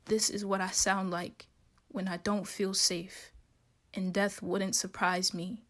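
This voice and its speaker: Young woman poet, grave and measured, keeps a level flat tone. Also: mid-range voice. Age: young adult. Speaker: spoken word poet. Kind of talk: spoken word poetry.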